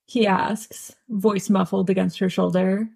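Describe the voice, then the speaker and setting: Gravelly, husky woman narrating a story. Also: medium pitch, flat delivery, measured pace, darkish tone. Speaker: audiobook reader. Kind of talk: fan audiobook narration.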